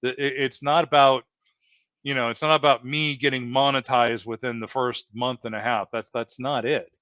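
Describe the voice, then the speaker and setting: A man's voice: mid-range voice, steady tone, normal speed, bright, forceful tone, clear, resonant tone, no echo. A man hosting a casual interview, talking earnestly and rambling with many restarts and fillers. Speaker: host. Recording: dull lo-fi dry sound.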